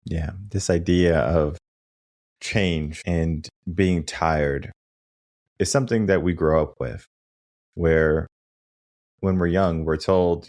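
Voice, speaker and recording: A man with a very low voice hosts a coaching podcast, talking in an emphatic, motivational way. He drives his points home with rhetorical questions. The recording is dry and close, with no room sound. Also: measured pace, a little mellow, dry recording. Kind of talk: motivational conversation.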